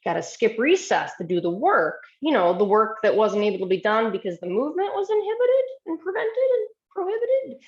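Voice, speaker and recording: A woman's voice: mid-range voice, very animated, fairly quick, hardly any pauses, roomy sound, dull audio. A woman physician giving a storytelling presentation, talking earnestly and with emotion over a video call.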